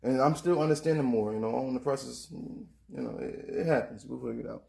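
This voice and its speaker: A man's voice: medium pitch, brisk, gravelly, few pauses, warm tone. A man hosting a casual spiritual monologue, talking in a slangy, conversational street style. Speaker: host.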